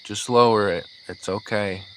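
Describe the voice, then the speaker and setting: A man voicing a calm, gentle old man who speaks softly and steadily in a coaxing way. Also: lowish voice, moderate pace, a little hiss or hum, close to an everyday voice, rough recording.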